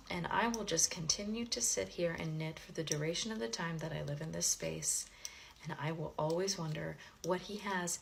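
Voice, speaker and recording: A woman giving a comic, gossipy monologue, swinging between low murmurs and loud outbursts. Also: normal speed, creaky, slight background noise.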